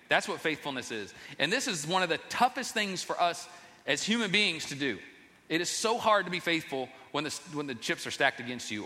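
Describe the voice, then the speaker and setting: A man's voice: a little high, sharp tone. Man preaching in a reverberant hall. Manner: conversational, restarts phrases, acts out listeners' thoughts. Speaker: pastor. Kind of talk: sermon.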